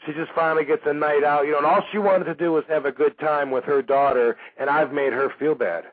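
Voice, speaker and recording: A radio host from Michigan, USA, relates a story in a casual, animated way, acting out each person's voice and leaning on frequent fillers. His pitch is fairly high and his pace a little fast, carried over phone-like narrow-band radio audio.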